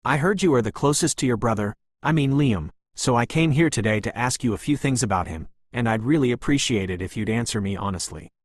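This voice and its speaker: Guarded young pregnant woman, read by a man, steady, restrained, a bit brusque, dry close sound, storybook reading. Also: mid-range voice, fairly quick, hardly any pauses, no room sound, natural voice.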